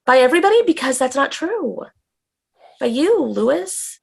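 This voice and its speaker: A woman's voice: sits high, very animated, moderate pace, gravelly. A woman talking as a guest on a casual podcast, intense and emphatic, swearing freely.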